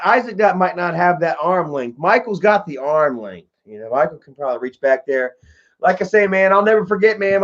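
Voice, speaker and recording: A high-voiced man hosts a livestream and answers his chat in a loose, rambling way. He swears freely and ends his phrases with "man" or "bro". The stream audio is dull and lo-fi. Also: a bit bright. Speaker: livestream host. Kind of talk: casual storytelling to live chat.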